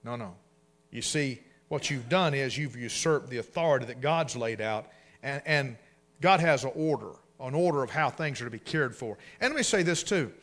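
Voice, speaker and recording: A middle-aged male pastor preaching a sermon, swinging from hushed asides to loud, emphatic bursts. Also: mid-range voice, animated, moderate pace.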